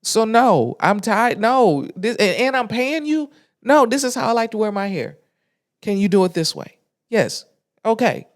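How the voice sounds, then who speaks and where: An exasperated podcast host retells a personal story in loose, animated talk. The speaker restarts sentences and drops slang and swearing along the way. The pitch sits in a middle register. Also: measured pace. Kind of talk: casual storytelling monologue.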